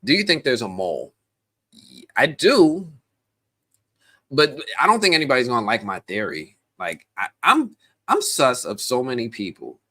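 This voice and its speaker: A man hosting a casual live stream, chatty and animated, talking straight to his viewers with plenty of slang, fillers and restarts. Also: medium pitch, moderate pace, pauses often. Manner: slangy, addresses viewers directly.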